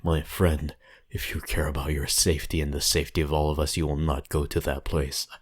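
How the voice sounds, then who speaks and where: A man reading as a husky old villager with a thick Romanian accent, fearful and blunt, in a horror story reading. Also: rumbling low, level tone, a little fast. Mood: fearful commanding.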